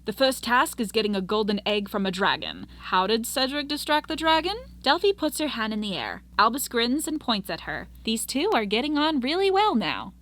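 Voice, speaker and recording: Animated woman retelling a play. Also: on the high side, normal speed, few pauses. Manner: animated storytelling, acts out scenes. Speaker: book reviewer.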